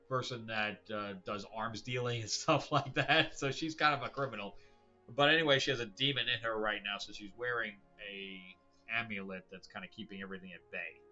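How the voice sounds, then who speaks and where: Male host, bright forceful voice, loose and blunt, slightly dull recording with faint music under it. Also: fairly low pitch. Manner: rambling, with frequent fillers and restarts; blunt, opinionated. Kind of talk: casual comic book review.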